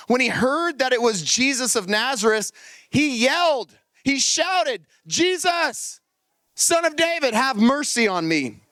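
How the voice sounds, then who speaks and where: High-voiced, bright-toned man preaching. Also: smooth, dry recording. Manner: animated, energetic preaching to a congregation; reads scripture aloud and acts out the story. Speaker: pastor. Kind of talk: sermon. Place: church service.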